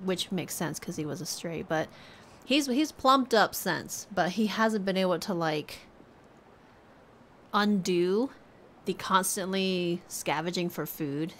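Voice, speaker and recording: A woman's voice: on the low side, slight background noise. A woman streamer chatting casually with her viewers and cooing at her cat. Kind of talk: casual live-stream chat.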